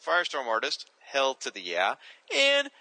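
Male podcast host, bright and dry, casual, reads listener names and self-corrects. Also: mid-range voice, lively intonation, moderate pace, no echo, poor audio. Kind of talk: reading listener shout-outs.

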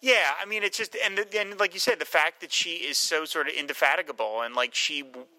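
A man in a casual film discussion, animated and acting out scenes with quoted voices. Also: a little high, brisk, dry recording, low-quality recording.

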